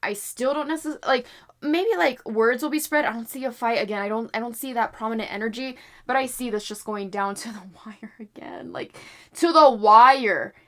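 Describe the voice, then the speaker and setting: Animated, foul-mouthed young woman tarot reader. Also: fairly high pitch, moderate pace. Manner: animated, swears freely, apologizes often. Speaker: tarot reader predicting basketball games. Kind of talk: casual chat to camera.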